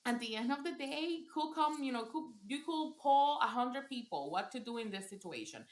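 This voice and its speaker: A woman's voice: high voice, lively intonation, moderate pace. A woman parent coach in a casual podcast conversation, earnest, often repeating and restarting her phrases. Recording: roomy echo.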